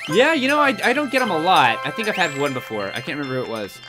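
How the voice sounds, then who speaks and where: A man's voice: fairly high pitch, sing-song, fast. A young man live-streaming a game from home, chatty and goofy as he thanks viewers and reacts to chat. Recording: game music behind the voice.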